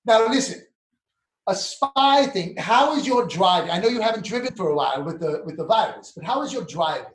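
A man's voice: high voice, animated, fast. Here is a man speaking in a fussy, overly refined, theatrical manner. He sounds as if he is on a video call. His voice rings around a reverberant room. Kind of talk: comic affected chat.

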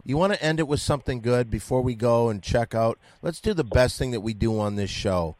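A man's voice: medium pitch, brisk, darkish tone, dry recording. A man hosting a comedy podcast, talking in a loose, rambling, jokey way. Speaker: podcast host. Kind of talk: casual comedy podcast banter.

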